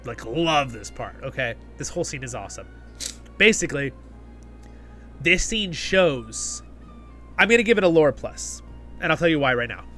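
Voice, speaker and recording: A man's voice: fairly high pitch, animated, moderate pace, pauses often, pushed and bright, faint music behind. A man hosting a casual episode review, enthusiastic and rambling, often checking in with the viewer. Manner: enthusiastic, rambling, keeps asking "right?". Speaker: host of a fan review channel.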